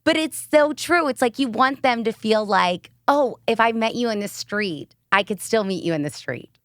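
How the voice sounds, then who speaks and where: A woman's voice: a little high, expressive, moderate pace, fairly bright tone, dry recording, studio quality. A woman hosting a podcast, chatting casually and gushing over her guest. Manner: gushing, encouraging. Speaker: podcast host. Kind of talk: casual chat.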